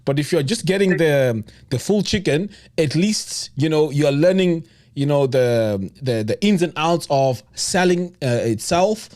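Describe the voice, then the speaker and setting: A man's voice: a little high, animated, a little slow, hardly any pauses, darkish tone. A man hosting a live stream, chatting casually and agreeing often with his guest. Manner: chatty, frequent agreeing murmurs. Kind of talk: casual interview chat.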